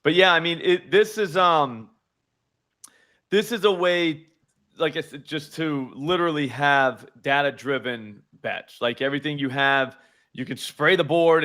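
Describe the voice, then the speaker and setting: A man hosting a live sports betting show, explaining his picks in fast, animated casual talk full of filler words. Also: mid-range voice.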